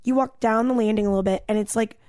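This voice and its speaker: A young woman with a slightly high voice tells a rambling story in an animated, breezy way, tossing in filler words and swearing. The sound is dry and close, with no room around her. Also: fast talker, no echo. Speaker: podcast co-host telling a story. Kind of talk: casual storytelling chat.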